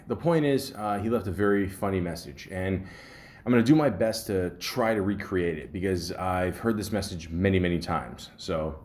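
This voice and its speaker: Canadian guy rambling on his podcast, lots of ums, lowish voice. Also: a little mellow. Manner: rambling, with many ums and restarts. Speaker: podcast host. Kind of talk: casual monologue.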